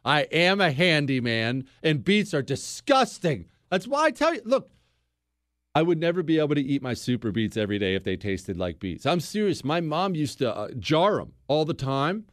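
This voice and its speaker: A middle-aged American man hosts a radio talk show, joking around and bragging in mock fashion while he fields listener questions in a casual call-in advice chat. His voice sits in the mid range, recorded with studio quality and no echo.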